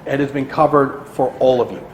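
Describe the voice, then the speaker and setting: A man giving an energetic motivational talk at an office meeting, often asking "right?" and acting out anxious clients in high, quick bursts. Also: slight background noise. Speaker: guest speaker at a realty kickoff meeting. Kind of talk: motivational presentation. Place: meeting room. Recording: echoey room.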